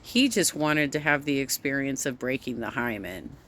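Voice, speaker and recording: A woman giving true crime commentary in a deliberate, explaining way. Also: rumbling low, animated, fairly bright tone, no room sound. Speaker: video commentator.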